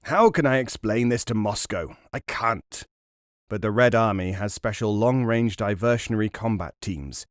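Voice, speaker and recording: A male narrator voicing a drunk, bullying general who barks orders and shouts. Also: on the low side, moderate pace, no room sound, studio quality, natural voice. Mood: angry. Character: drunk, bullying Russian general, middle-aged man.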